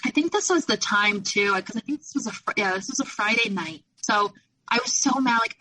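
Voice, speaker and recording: A woman's voice: fairly high pitch, animated, a little fast, pushed and bright, far from the mic, low-quality recording. A young adult woman, a podcast guest, telling a personal story in a rambling way full of fillers and restarts. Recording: voice a little off-mic.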